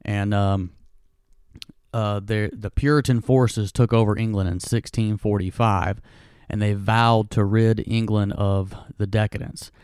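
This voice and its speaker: Low-voiced man, casual rambling history host, dry close sound. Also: steady tone, measured pace, a little mellow, smooth, no echo. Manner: rambling, jokey asides, many fillers.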